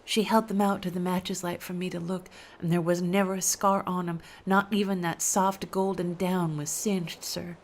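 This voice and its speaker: Woman reading a spooky story out loud, emotional, goes whispery when it gets tense. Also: lowish voice, little pitch movement, moderate pace, hardly any pauses. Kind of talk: dramatic first-person story reading.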